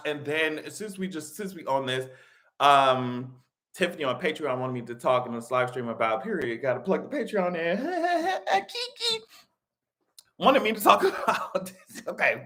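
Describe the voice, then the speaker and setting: A live-stream commentator talking casually, swearing freely and laughing often. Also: medium pitch. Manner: profane, animated, laughs often.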